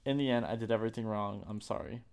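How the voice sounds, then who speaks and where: A man reading a prepared apology aloud in a subdued, halting, remorseful way. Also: lowish voice, fairly even intonation, a little mellow, clean tone. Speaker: streamer reading a public apology.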